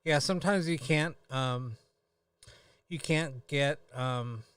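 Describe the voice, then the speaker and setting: A tired man hosting a live stream, chatting casually in a halting way with many pauses and fillers. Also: mid-range voice, a bit bright, clear, resonant tone, no room sound, distant mic. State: tired, yawning.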